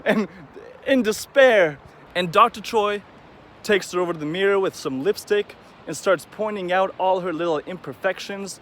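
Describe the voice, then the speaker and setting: A man's voice: high-pitched, normal speed, a bit bright. A man talking casually to the camera in a rambling, conversational vlog, now and then acting out the voices of people he quotes. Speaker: vlogger.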